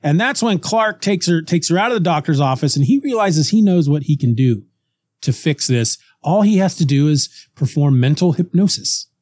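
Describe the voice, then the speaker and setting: A man co-hosting a podcast, casually retelling a comic story with lively restarts and snippets of character voices. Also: on the high side, moderate pace, no echo, clean studio sound. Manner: animated retelling, acts out characters' lines, frequent restarts. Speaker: podcast co-host.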